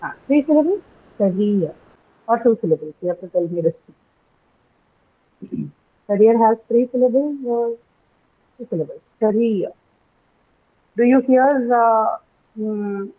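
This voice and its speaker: A woman teaching an English class online, patiently repeating words and questioning her students. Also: medium pitch. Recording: tinny phone-like call audio.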